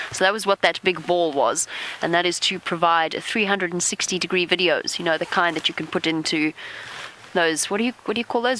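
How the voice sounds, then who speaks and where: A woman presenting a live safari broadcast from an open vehicle, chatting lively and talking softly to animals. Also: lowish voice, a little hiss or hum, rough recording. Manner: chatty, warm toward animals, lively asides. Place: open safari vehicle outdoors in rain and wind.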